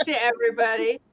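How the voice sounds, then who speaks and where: A woman with a bright, high and lively voice jokes her way through a casual live-stream sale. She calls out bids in a mock auctioneer manner, and her voice sounds dry and close. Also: dry recording, highs cut off. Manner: playful, jokey, mock auctioneer.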